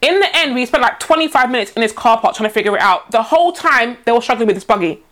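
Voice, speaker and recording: A woman's voice: on the high side, fast talker. A young woman telling a story in casual chat, acting out the voices of the people in it. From Nigeria. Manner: animated storyteller, acts out quoted voices.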